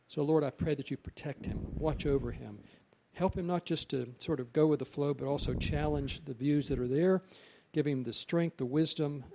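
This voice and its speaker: A man praying aloud in church, earnest and halting. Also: mid-range voice, vocal fry, dark tone, a little hiss or hum. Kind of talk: spoken prayer. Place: church hall.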